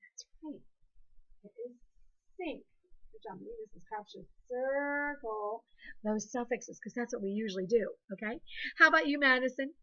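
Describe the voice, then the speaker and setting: Lively intonation marks this slightly high woman's voice, which is pushed and bright at a moderate pace in a muffled recording. With her Ohio accent, the Ohio woman guides pupils through a call-and-response second grade phonics lesson in a patient, encouraging, sing-song manner.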